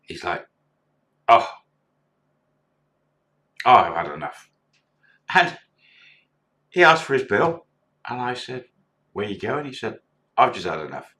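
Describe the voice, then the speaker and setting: A man's voice: medium pitch, sing-song, a little slow, pauses often, pushed and bright. A middle-aged man, a former bar manager, casually tells a story and acts out the quoted dialogue in a chatty way.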